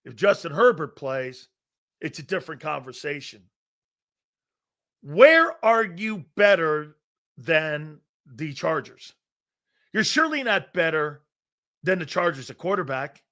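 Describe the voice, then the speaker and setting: A high-pitched male sports talk host with a bright, edgy voice fires off blunt, profane opinions on a live show. He mocks players and coaches in a brash, cutting way. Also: animated, unhurried, pauses often.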